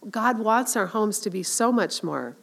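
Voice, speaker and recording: A woman's voice: medium pitch, expressive, a little slow, vocal fry. A middle-aged woman giving an informal Christian talk to women, earnest and chatty, with many fillers and restarts.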